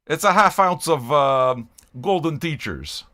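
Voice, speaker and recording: A man's voice: fairly high pitch, animated, a little slow, bright, forceful tone. An older man from Canada chatting loosely with his live-stream audience, rambling, swearing and joking. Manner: rambling, profane, joking with chat. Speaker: music reaction streamer. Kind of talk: casual live-stream chat.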